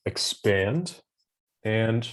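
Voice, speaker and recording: A man's voice: lowish voice, expressive, extremely slow. A man tutoring English vocabulary over a video call, patient and encouraging, giving hints and praise. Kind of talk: online vocabulary lesson.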